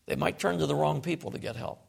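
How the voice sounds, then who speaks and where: A middle-aged man preaching a sermon, swinging from loud emphasis to quiet asides. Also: on the high side, fairly even intonation, quick pace, gravelly, slightly rough.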